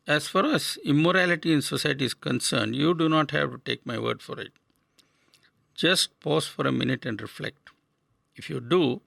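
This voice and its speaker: An older man from India giving a scripted spiritual radio talk in a measured, earnest way, asking rhetorical questions. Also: medium pitch, gravelly, pushed and bright, no room sound. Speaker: radio speaker.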